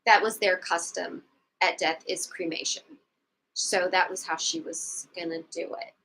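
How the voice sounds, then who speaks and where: A woman's voice: lowish voice, fairly even intonation, unhurried, sharp tone, slightly rough, rough recording. A woman co-hosting a casual book club livestream, rambling through a plot recap with asides and chuckles, sometimes acting out the characters' lines.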